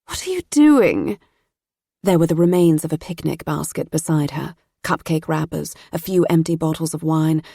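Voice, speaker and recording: A woman narrating an audiobook in a measured, even storytelling manner. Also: deep voice, creaky, breathy edge, no echo, studio quality.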